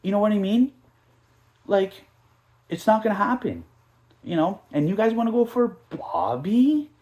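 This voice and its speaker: A man hosting a casual soccer podcast, talking in an animated, mocking, rambling way, full of asides and mimicked quotes. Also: sits high, a little slow. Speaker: podcast host.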